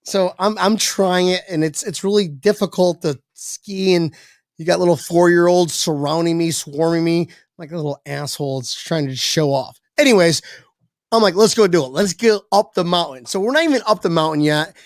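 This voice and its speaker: A man with a gravelly, creaky voice tells a casual story on a podcast. He swears freely and jumps into other people's voices as he goes. The sound is close and dry, with no room echo. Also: high-pitched, moderate pace. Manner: animated, swearing, acts out quoted voices. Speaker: podcast guest.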